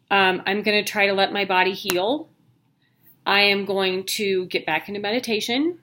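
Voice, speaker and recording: A woman's voice: medium pitch, sharp tone. Chatty, candid woman vlogging. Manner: chatty and candid, with jokey asides. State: worn out. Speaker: vlogger sharing her health news. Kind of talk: casual talk to camera.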